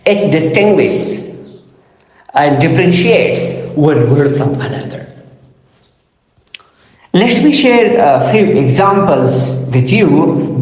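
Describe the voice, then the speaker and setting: A male teacher with a high voice that climbs and dips a lot as he explains. He speaks slowly and formally, repeating words to drive a point home. The sound rings out with a long, heavy reverb. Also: a little mellow. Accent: South Asian English. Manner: addresses "listeners and audience", repeats words for emphasis. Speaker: lecturer. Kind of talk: slow spoken lecture. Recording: echoey room with long reverb.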